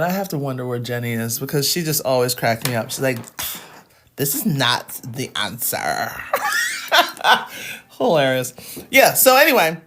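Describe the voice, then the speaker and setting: A woman's voice: low-pitched, fairly bright tone. Chatty woman math teacher, laughing often. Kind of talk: casual lesson with storytelling.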